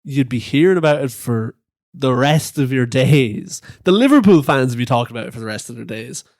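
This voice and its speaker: A man's voice: mid-range voice, animated, brisk, a little mellow, dry recording, clean studio sound. A young adult man co-hosting a football podcast, laughing often and making blunt remarks. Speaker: podcast co-host. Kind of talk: casual football chat.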